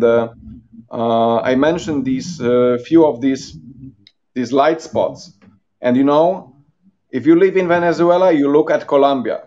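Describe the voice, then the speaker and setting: A man's voice: mid-range voice, mellow, lo-fi sound. A man speaking as an as a guest in a live online interview, earnest and emphatic, with frequent restarts and fillers. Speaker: interview guest, organization president.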